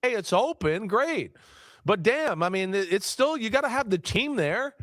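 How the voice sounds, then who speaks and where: A man talking sports in a clip played on a stream, speaking in a hesitant, halting way. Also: high voice, sing-song, fairly bright tone, no room sound, clean studio sound. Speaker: sports commentator. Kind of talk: sports talk show discussion.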